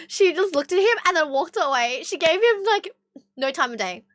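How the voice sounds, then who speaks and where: A woman's voice: very high-pitched, expressive, a little fast, fairly bright tone, no room sound. A young woman with an Australian accent chatting bluntly with her stream viewers, swearing often. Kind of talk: casual chat with stream viewers.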